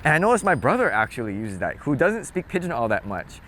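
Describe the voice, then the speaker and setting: A man from Hawaii with a Hawaiian accent, casually explaining local phrases in a relaxed, chatty vlog. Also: fast, a little hiss or hum. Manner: relaxed, chatty, demonstrates phrases with playful low tones. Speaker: vlogger.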